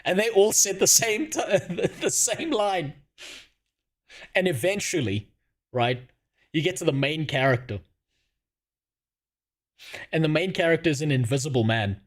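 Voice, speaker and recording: Profane, laughing young storyteller. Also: male voice, fairly high pitch, lively intonation, unhurried, pauses often. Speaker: streamer. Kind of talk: rambling comic storytelling.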